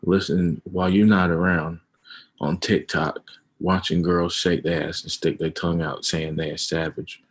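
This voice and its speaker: A man hosting a livestream, talking casually and emphatically about his views and getting loud at times. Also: sits low, little pitch movement, unhurried, slightly rough. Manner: emphatic, rising to loud outbursts. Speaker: livestream host. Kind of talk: casual opinion chat on a livestream.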